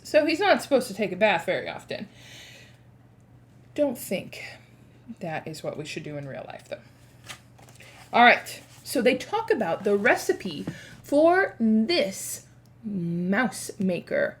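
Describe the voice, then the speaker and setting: A woman reads a chapter book aloud to children and then quizzes them about it. Her voice sits high and moves expressively, with lots of rise and fall. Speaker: read-aloud presenter.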